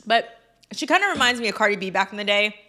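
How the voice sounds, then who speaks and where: A woman giving casual commentary on a vlog, chatty with quick asides and lots of fillers. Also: mid-range voice, animated, bright, forceful tone. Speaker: commentary vlogger.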